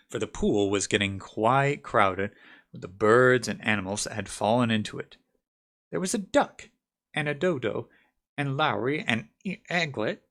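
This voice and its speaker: Man reading an audiobook, lively pitch. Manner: first-time reading, with stumbles and restarts. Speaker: audiobook narrator.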